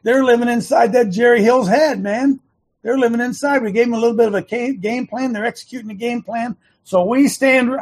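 A man with a very high voice hosts a talk show at a brisk clip, earbuds in. What starts as a sincere, relaxed monologue grows into passionate yelling.

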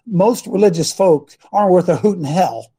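A man's voice: sits high, animated, moderate pace, warm tone, breathy edge. A man preaching informally to a congregation, blunt and combative, mocking his critics and throwing asides to the room.

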